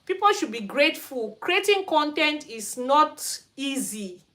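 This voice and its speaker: A woman's voice: high-pitched, big pitch swings, measured pace, sharp tone. A woman from Cameroon with a Cameroonian accent, talking frankly on a livestream as host of her hair care channel. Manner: frank, ranting. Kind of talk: livestream chat. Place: Sweden.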